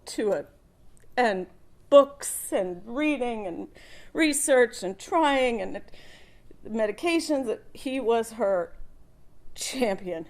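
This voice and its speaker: Slow-speaking middle-aged woman giving a eulogy. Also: a little high, animated. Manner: fond, often laughing between memories. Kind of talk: funeral eulogy. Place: funeral service.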